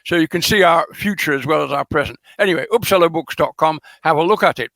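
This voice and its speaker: Man lecturing warmly with many ums. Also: a little high, fast, gravelly, dry recording. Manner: hesitant, many ums, explains carefully. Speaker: guest scholar. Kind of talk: lecturing conversation.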